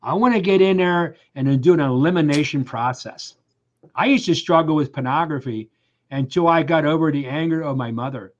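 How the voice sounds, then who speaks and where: Man, 60s, coach type, emphatic storyteller, slightly higher voice, lo-fi audio. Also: a little fast. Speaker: life coach. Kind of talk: casual podcast conversation.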